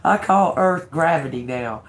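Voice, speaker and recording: Slow-talking woman telling a story, laughing often. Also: low-pitched, animated. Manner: profane and frank, often breaking into laughter; drawling, repeats herself. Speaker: tarot reader livestream host. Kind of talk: casual storytelling on a livestream.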